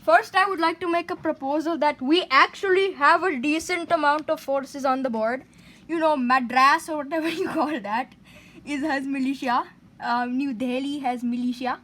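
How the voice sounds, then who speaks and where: A woman's voice: high-pitched, fairly bright tone. A woman playing a strategy board game, joking around in a put-on British accent. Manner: puts on a mock British accent, teasing. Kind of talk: casual banter while playing.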